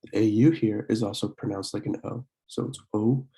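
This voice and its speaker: A young man teaching a French lesson from slides, slowly repeating words and often clearing his throat to correct himself. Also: on the low side, fairly even intonation, warm tone, low-quality recording. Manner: slow, repeated pronunciation drills. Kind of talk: slide-based language lesson.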